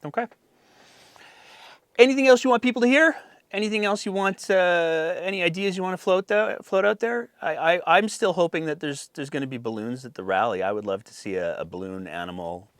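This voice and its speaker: A man's voice: a little high, a little fast, no room sound, studio quality. A man hosting a podcast, casual and joking with his guest, then reading the outro. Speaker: podcast host.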